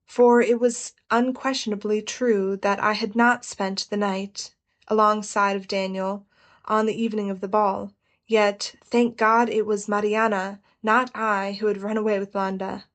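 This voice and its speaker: A woman narrating a novel as an audiobook, in measured, expressive first-person storytelling. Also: medium pitch.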